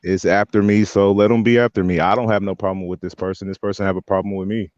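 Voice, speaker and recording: A man's voice: on the low side, little pitch movement, fast talker, darkish tone, no echo. A man calling into a chat, dismissive and unbothered. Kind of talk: casual chat. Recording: dull lo-fi call audio.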